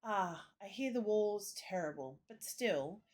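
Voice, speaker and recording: A woman voicing a kindly male priest with a gentle, lilting way of speaking, reading game dialogue aloud. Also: mid-range voice, animated, unhurried, natural voice.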